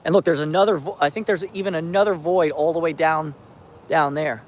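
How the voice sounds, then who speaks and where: A man live-streams casually into a handheld phone while feeding stray cats outdoors by his car at night, rambling with restarts and mild swearing. His voice is on the high side, steady in tone and brisk.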